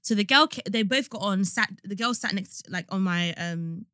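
A young woman with a youthful, girlish-sounding voice, co-hosting a podcast in calm, animated casual chat. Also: medium pitch, normal speed, no room sound, studio quality. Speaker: podcast co-host.

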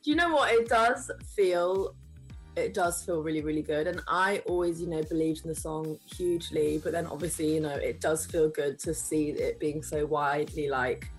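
A woman's voice: low voice, moderate pace, faint music behind, poor audio. A young woman from North London with a London accent, chatting casually as a singer guest and laughing easily. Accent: London English. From North London, England. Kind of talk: casual chat.

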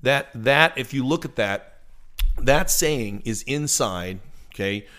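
A man's voice: mid-range voice, animated, takes it slowly, a bit bright. A man hosting a casual talk show, explaining things at length and laughing easily.

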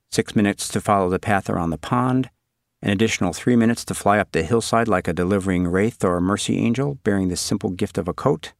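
A man narrating an audiobook in a dry, deadpan, wry manner. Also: on the low side, brisk, no room sound.

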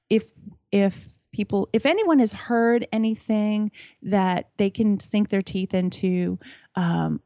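A woman's voice: medium pitch, warm tone, no echo, clean studio sound. A middle-aged woman, a podcast guest, chatting enthusiastically and often restarting her sentences. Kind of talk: casual interview chat.

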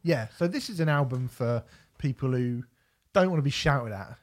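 Male podcast co-host, mid-pitched, relaxed and chatty, hesitant fillers. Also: normal speed. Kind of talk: casual chat.

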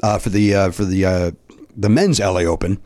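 A man's voice: deep voice, a little fast, a little mellow. A middle-aged man chatting as a podcast guest, telling a story with lots of fillers and restarts. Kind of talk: casual chat, telling a story.

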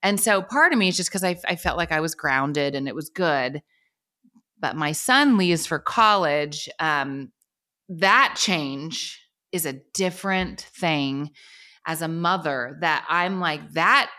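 Bright-voiced woman chatting candidly. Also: low-pitched, lively intonation, takes it slowly. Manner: candid, laughs often. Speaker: podcast guest. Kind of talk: casual chat.

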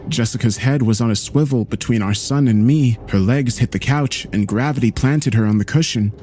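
A man narrating a horror story in a slow, grave storytelling manner. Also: medium pitch, warm tone, slight background noise.

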